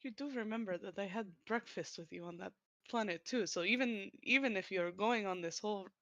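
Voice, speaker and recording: Neckende Spielerin mit dumpfem Mikrofon. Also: female voice, medium pitch, a little fast, a bit bright, no echo. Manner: teasing, probing, laughs often. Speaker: player. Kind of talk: tabletop role-play, in and out of character. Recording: dull, lo-fi mic.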